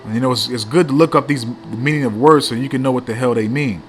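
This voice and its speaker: A man's voice: mid-range voice, fast, slight background noise. A man preaching in a blunt, profane street style, reading scripture aloud and tagging lines with "man".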